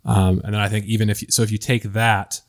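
A man hosting a casual Bible study podcast, talking in a hesitant way with many pauses and fillers. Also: fairly low pitch, level tone. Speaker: podcast host leading discussion.

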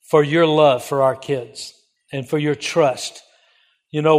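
An older man, a missionary, giving a slideshow update to supporters and telling earnest, emotional stories with repeated phrases. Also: on the high side.

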